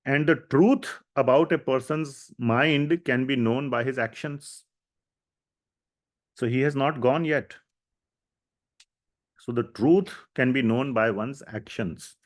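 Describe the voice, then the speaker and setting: A man's voice: mid-range voice, slow pace, pauses often. A man teaching a scripture class, who retells the dialogue of the story in a storytelling manner and uses casual fillers as he goes. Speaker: lecturer.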